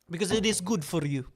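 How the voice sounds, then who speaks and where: A man hosts a livestream in a slightly raised voice. He chats with viewers in a playful, preening, mock-serious way, with halting, broken sentences and stray French words. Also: high-pitched. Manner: drops in occasional French words. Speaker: livestream host. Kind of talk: casual livestream chat with viewers.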